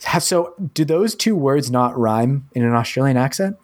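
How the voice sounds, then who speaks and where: Rambling podcast host. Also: male voice, medium pitch, animated, moderate pace. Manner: rambling, heavy use of 'like' and 'um'. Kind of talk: casual podcast chat.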